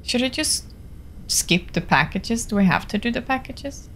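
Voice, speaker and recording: A woman's voice: a little high, animated, normal speed, a bit bright, a little hiss or hum. A young woman from Finland with a Finnish accent, chatting through a horror game stream, jumpy and often dropping to a whisper. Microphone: desktop studio mic.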